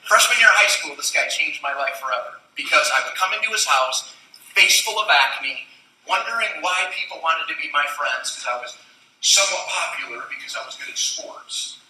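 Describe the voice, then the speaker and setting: A man giving an energetic convention keynote, telling stories and calling on the audience to answer. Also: on the high side, fairly quick. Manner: energetic, storytelling, calls for audience responses. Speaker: motivational speaker. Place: large convention hall. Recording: echoey hall, distant mic, faint noise.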